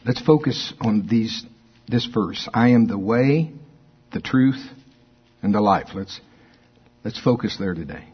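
A middle-aged man preaching a sermon as pastor, getting excited and laughing, slowing down to read scripture. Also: lowish voice, husky. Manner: excitable, laughs often, reads scripture slowly. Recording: dull lo-fi recording.

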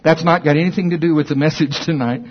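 Husky, excitable preacher man. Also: fairly high pitch, dull audio. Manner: excitable, laughs often, reads scripture slowly. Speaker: pastor. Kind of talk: sermon.

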